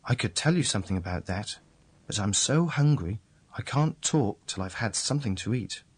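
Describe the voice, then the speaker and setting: A man's voice: fairly low pitch, animated, normal speed, breathy edge. A man voicing a bold, polite young boy in a read-aloud fairy tale.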